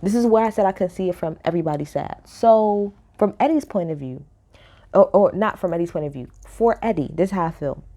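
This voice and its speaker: A woman talks through a reality show episode, blunt and opinionated, cursing easily. Her voice sits a little low and has a mellow, relaxed tone. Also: fairly quick. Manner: blunt, animated, swears freely. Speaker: reality TV recap host. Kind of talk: casual opinionated recap.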